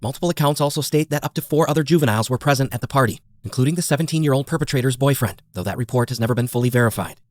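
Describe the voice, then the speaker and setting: A man narrates true crime for a podcast in a grave, measured tone. His delivery moves quickly at a middle pitch. Each detail is laid out steadily, as a scripted reading. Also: a little mellow, dry recording.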